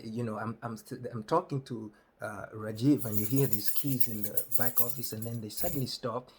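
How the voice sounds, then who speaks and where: A man from Kenya telling a comic story on stage, lively, acting out the people in it. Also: medium pitch, slight background noise. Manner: animated, acts out voices. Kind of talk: stand-up storytelling.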